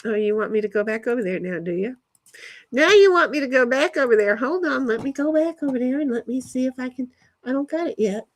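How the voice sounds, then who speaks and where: Live streaming outdoors from her backyard, a woman rambles casually to herself and her chat, swearing occasionally. Her high-pitched voice is brisk with lively intonation.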